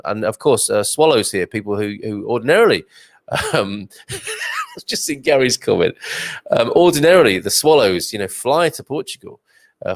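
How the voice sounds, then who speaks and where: A man's voice: lowish voice, dry recording, studio quality. A man hosting a live stream, chatting and reading out viewer comments with rambling asides. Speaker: host.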